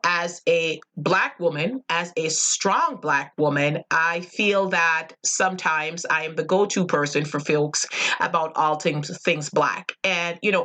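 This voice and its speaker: A woman's voice: fairly low pitch, bright, forceful tone. A woman from Jamaica with a slight Jamaican accent, talking earnestly and reflectively in a solo podcast, with many fillers. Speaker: podcast host. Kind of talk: casual solo podcast monologue.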